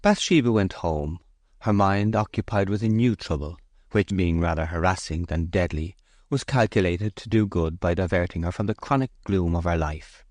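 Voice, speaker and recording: A man narrating a classic novel as an audiobook in measured, even scripted narration. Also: deep voice, no room sound.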